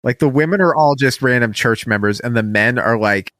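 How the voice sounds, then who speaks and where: A man's voice: medium pitch, fairly quick, a bit bright, no echo, studio quality. A man co-hosting a podcast in casual chat, making rambling, joking asides. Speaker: podcast co-host.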